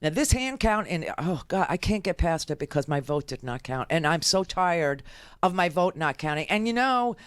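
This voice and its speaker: A woman's voice: lowish voice, very animated, normal speed, smooth, no room sound, studio quality. A woman radio talk show host ranting through a political monologue, exasperated and pleading by turns. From United States. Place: radio studio.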